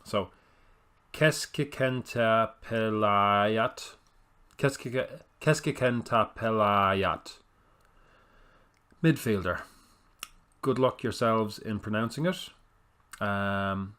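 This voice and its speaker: Rambling wry man, lowish voice. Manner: rambling, self-correcting, wry understatement. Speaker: gaming video host. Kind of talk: casual commentary over a football management game.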